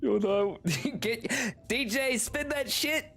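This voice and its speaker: Over faint background music, a man with an extremely high, slightly bright voice slowly gives casual commentary while streaming a video game. He's playful, laughs often and swears freely.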